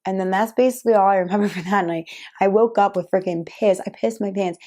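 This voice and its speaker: A woman's voice: mid-range voice, fast talker, mellow. A young woman telling a personal story to camera in a casual, chatty way, full of "like" fillers and laughs. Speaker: vlogger.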